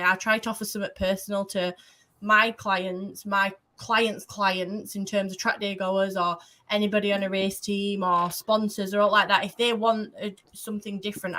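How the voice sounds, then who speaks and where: A woman's voice: mid-range voice, steady tone, moderate pace, sharp tone. A woman talking as a guest motorsport photographer on a casual podcast, enthusiastic and rambling in her storytelling.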